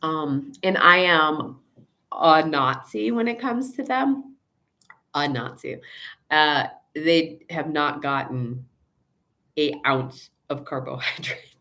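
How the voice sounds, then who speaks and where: Chatty low-voiced woman vet host. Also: slow, bright, forceful tone. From Chicago area, USA. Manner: chatty and rambling, with fillers, asides and acted-out quotes. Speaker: veterinarian host of a live Q&A. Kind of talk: casual live Q&A chat.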